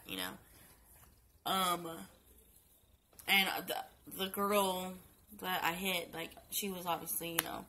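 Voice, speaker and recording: A woman's voice: lowish voice, fairly even intonation, slow pace, long pauses, noisy background. Sleepy sick young woman vlogging. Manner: rambling with many fillers and restarts. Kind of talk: casual story time vlog.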